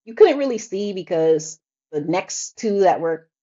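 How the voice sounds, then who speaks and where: A woman's voice: medium pitch, animated, measured pace, warm tone. A mother co-hosting a podcast, telling a family story in a chatty way, laughing often and acting out quotes. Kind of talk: casual podcast chat. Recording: dull lo-fi recording.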